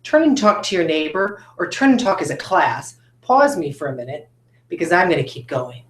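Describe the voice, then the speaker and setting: A woman teaching a recorded phonics lesson at a whiteboard, talking to students with encouraging, drawn-out questions. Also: lowish voice, very animated, roomy sound. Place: classroom with a whiteboard.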